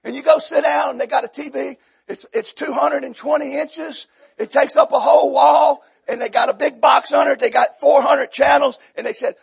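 A man preaching a sermon, telling folksy humorous stories and acting out voices, rising to loud shouts. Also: extremely high pitch, steady tone, moderate pace. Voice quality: gravelly, husky. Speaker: pastor.

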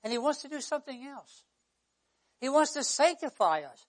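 High-voiced preacher. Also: male voice, sing-song, normal speed. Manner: preaching with surges to near-shouting and drops to a hush. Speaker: pastor. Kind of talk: sermon.

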